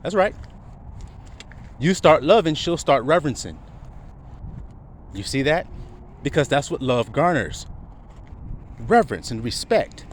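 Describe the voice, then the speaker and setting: A man's voice: fairly high pitch, sing-song, measured pace, pauses often, slight background noise. A man preaching a sermon to his flock, asking rhetorical questions and chuckling often.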